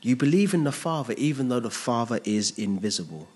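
A man's voice: mid-range voice, lively intonation, brisk, darkish tone, breathy edge. Earnest man preaching a sermon. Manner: earnest, emphatic preaching with repeated phrases and rhetorical questions. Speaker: pastor.

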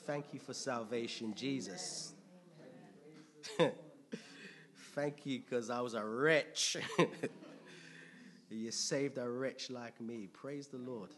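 A man preaching a Bible teaching sermon, repeating key phrases and breaking into loud, excited exclamations, laughing as he digresses. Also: mid-range voice. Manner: slow, repetitive, bursts into loud excited exclamations; laughs often, digresses into personal testimony.

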